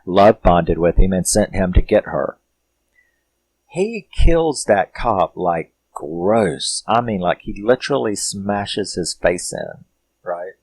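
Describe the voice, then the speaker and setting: A man's voice: low voice, animated, slow, a little mellow. A man casually recapping a film's plot, rambling with lots of fillers and laughs. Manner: rambling, loose, with frequent "you know" fillers; laughs often while retelling. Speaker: film reviewer.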